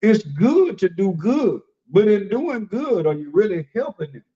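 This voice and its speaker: High-voiced preacher, folksy and animated. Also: male voice, a little slow, slightly rough, highs cut off. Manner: animated, folksy, repeats phrases, acts out quoted voices. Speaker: apostle and preacher leading a discussion. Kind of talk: conversational preaching.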